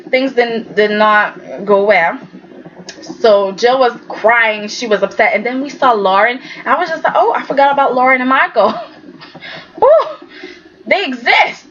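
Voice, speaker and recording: Woman, chatty soap recapper, higher voice, slightly muffled home recording. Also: unhurried, fairly bright tone. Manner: chatty, retells scenes as loose quoted dialogue with many "okay?" tags. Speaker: soap opera recap vlogger. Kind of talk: casual chat recapping an episode. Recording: dull lo-fi sound with faint noise.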